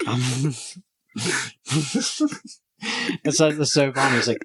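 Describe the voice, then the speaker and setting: Young American co-host, teasing and animated, laughs often, mid pitch. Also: male voice, extremely slow, vocal fry, pauses often, breathy edge, rough recording. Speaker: podcast co-host. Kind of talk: casual comedic chat.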